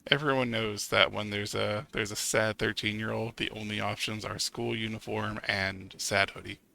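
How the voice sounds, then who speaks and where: A man's voice: fairly low pitch, flat delivery, moderate pace, vocal fry, sharp tone. A man streaming a narrative game, reading its text aloud with casual commentary and swearing. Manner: swears and laughs while reacting.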